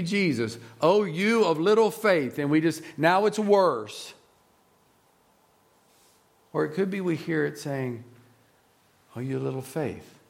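Male pastor, reflective sermon delivery, gravelly texture, sinks to quiet low tones. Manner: reflective, earnest, often drops to a soft low voice. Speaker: preacher.

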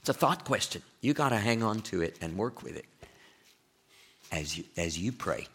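A man with an East Texas accent preaching a sermon as pastor, chatty and full of questions to his listeners, with big swings in pitch and loudness for emphasis. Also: expressive, moderate pace, slightly rough. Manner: conversational, asks the listeners frequent questions.

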